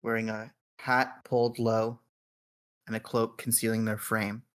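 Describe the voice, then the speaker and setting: A game master narrating a tabletop role-playing game in a measured, descriptive way. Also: mid-range voice, little pitch movement, smooth.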